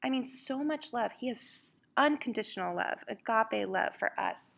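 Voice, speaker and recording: A woman's voice: a little high, lively intonation, normal speed, creaky, a bit bright. A young mother in a casual devotional talk, speaking earnestly and conversationally with many fillers. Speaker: mother sharing a faith story.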